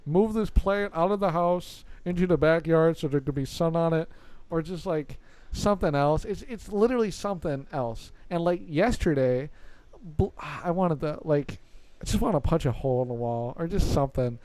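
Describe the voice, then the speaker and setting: A young man co-hosting a podcast, telling a story in a casual, animated, exasperated way and swearing often. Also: a little high, moderate pace, dry recording. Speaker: podcast co-host.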